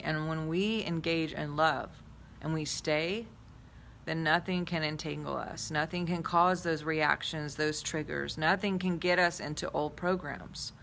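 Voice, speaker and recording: A woman's voice: sits low, fairly even intonation, a little slow, vocal fry, fairly bright tone, slight background noise. A woman giving a spiritual talk and leading a guided visualization, earnest and repetitive, lingering on key words. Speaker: spiritual teacher.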